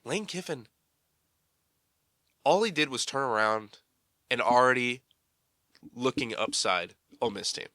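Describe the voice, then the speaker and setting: A man co-hosts a casual sports podcast in a smooth, clear voice with a bright edge. He argues animatedly and mockingly, and the sound is dry and close to the mic. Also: medium pitch, measured pace, pauses often, dry recording. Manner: animated, mocking, builds to excited outbursts. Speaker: podcast co-host.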